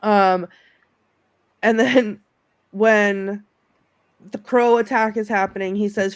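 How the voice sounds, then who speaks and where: A woman co-hosting a casual film chat over a video call, lively and laughing as she acts out favorite quotes. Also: mid-range voice, slow, pauses often, clear, resonant tone, no echo, clean studio sound. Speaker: podcast co-host.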